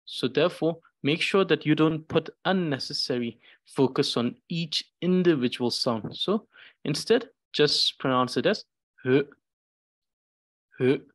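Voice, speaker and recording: Slow, patient male language teacher. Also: on the high side, a bit bright. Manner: slow and patient, repeats each syllable many times. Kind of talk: pronunciation lesson, reading syllables aloud.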